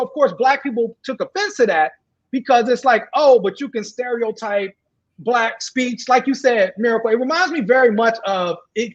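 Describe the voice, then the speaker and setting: A woman co-hosting a podcast in a casual group chat, talking haltingly with many fillers and restarts. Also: fairly high pitch. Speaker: podcast co-host. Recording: dull lo-fi sound.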